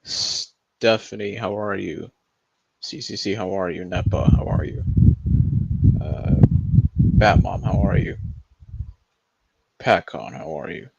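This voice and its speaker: A man's voice: low voice, slow pace, gravelly, long pauses, highs cut off. A man hosting a casual livestream, laughing in disbelief, swearing and greeting his chat by name. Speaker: livestream host.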